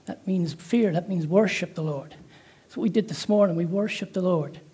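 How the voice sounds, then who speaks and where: A man's voice: high-pitched, moderate pace. A man with an Irish accent, preaching a sermon that opens with prayer, a joke and frequent amens. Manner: warm-hearted, with frequent amens and praise interjections.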